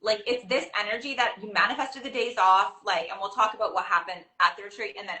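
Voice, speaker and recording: A woman's voice: medium pitch, steady tone, fast, bright, forceful tone. A woman hosting a casual chat, talking enthusiastically with many fillers. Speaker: podcast host, manifestation coach. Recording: roomy echo.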